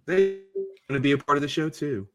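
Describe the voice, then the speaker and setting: A man co-hosting a horror podcast live stream, playful and laughing along, with quick restarts. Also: a little high, loud music behind the voice. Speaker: podcast co-host. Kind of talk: casual live-stream chat.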